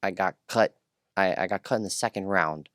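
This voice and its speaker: A man with a low voice spins a rambling, profane story in casual interview talk. The sound is close and dry, with no room around it. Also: normal speed, a bit bright, no room sound. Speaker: podcast guest.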